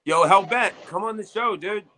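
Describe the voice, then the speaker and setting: A man's voice: high voice, normal speed, a crowd in the background, poor audio. A man hosting an armwrestling talk show, telling stories in a loose, profane, filler-heavy way. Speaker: armwrestling show host and competitor. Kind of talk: casual chat.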